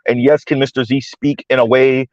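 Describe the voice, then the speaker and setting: A man's voice: mid-range voice, level tone, moderate pace, no room sound, dull audio. Profane man ranting on a live stream. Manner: profane, mocking, laughs while ranting. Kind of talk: live stream commentary rant.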